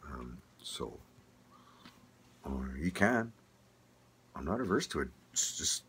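Speaking slowly with long pauses, this older Manitoba vlogger has a very deep, fairly bright and slightly rough voice and is very animated. His casual opinion rant rambles along with frequent swearing, laughter and repeated restarts.

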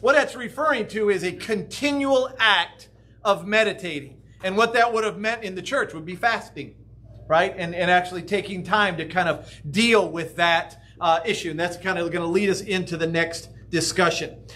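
Male pastor, high and bright voice, chatty sermon delivery. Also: normal speed. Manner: conversational, animated, keeps asking "right?".

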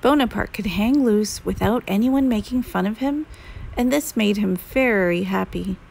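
A woman reading a children's picture book aloud in a slow, gentle storytelling manner. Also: mid-range voice, vocal fry, a little hiss or hum, low-quality recording.

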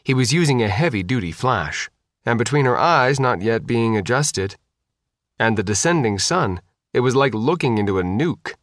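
A man narrating an audiobook in an expressive, scripted reading. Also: mid-range voice, moderate pace, dry recording, clean studio sound.

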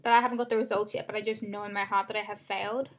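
A woman's voice: mid-range voice, flat delivery, rapid-fire, slight background noise. A young woman venting to the camera about failing, upset, rambling and frank, swearing often, recorded at close range in a small room. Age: young adult. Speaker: vlogger.

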